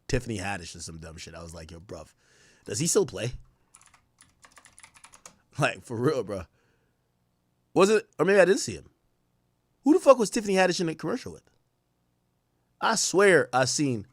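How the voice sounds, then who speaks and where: A young man streaming live, trash-talking basketball players in a loud, profane, excitable way, his voice jumping up and down. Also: a little fast, long pauses, no room sound. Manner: loud, profane trash talk with sudden jumps in pitch and volume. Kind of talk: casual live-stream commentary reacting to chat and posts.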